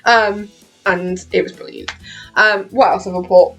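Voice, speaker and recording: A woman's voice: medium pitch, steady tone, a little slow, fairly bright tone, soft background music. A young British woman with a British accent, chatting casually on her vlog, laughing often and swearing freely. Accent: British English. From Britain. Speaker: vlogger. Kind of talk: casual chat about a TV show.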